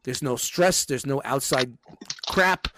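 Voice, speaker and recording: Speaking slowly at a medium pitch over background noise, a man who runs a department in a store chats casually. His stories are profane, and he acts out what people said.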